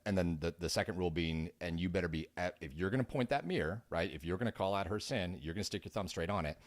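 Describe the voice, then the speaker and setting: A man's voice: low-pitched, quick pace, dry recording. A man co-hosting a casual podcast, prompting the talk with questions and points. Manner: prompting, steers the conversation with questions. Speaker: podcast co-host.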